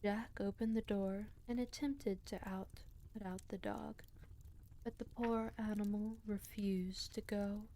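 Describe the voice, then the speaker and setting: A woman reading folk tales aloud as a storyteller, in a slow, hushed voice that often drops to a half-whisper. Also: medium pitch, steady tone.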